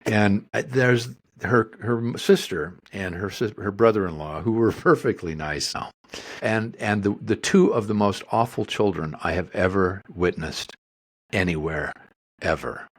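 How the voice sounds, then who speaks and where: A man's voice: lowish voice, unhurried. A man co-hosting a podcast, telling a long casual story with wry comic asides. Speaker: podcast co-host.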